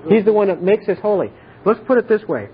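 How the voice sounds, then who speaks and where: This Bible teacher talks fast and very animatedly in a high, slightly rough voice. Leading an informal study, he explains earnestly, goes over points repeatedly, and keeps asking if everyone follows, all through tinny, phone-like audio.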